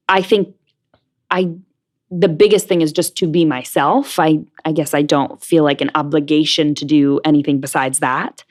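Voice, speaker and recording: A young woman from the New York area, a Broadway actress chatting as a guest, frank and full of fillers. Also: deep voice. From New Jersey/New York. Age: young adult. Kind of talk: casual interview chat.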